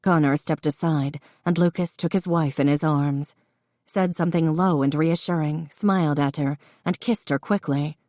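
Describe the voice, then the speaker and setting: Brief: female audiobook narrator, low pitch, measured, dry studio read. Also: steady tone, a little mellow, no room sound. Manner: measured storytelling. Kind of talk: scripted narration.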